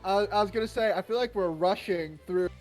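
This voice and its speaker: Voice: medium pitch, fairly quick, darkish tone, soft background music, poor audio. Bemused, hesitant player in game chat. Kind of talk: casual chat while playing a game.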